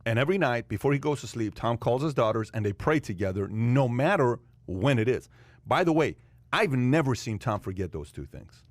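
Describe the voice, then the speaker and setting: A man hosting a casual chat show, telling stories quickly and with animation. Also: mid-range voice, dry recording. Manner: fast, animated storytelling. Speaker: podcast host.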